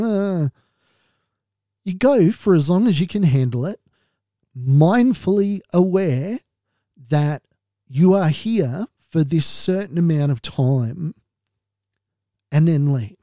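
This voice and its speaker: A man's voice: fairly high pitch, dark tone, no room sound, studio quality. Earnest Australian man hosting a podcast. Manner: candid, earnest, wry. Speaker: podcast host. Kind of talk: personal podcast monologue.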